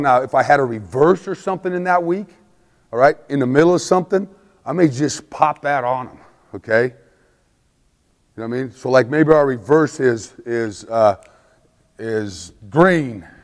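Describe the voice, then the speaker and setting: A man giving an emphatic football coaching clinic lecture at a mid pitch, forever tossing in quick checks with his listeners. He acts out the play calls he shouts in practice. The long reverb of a big hall hangs on his voice.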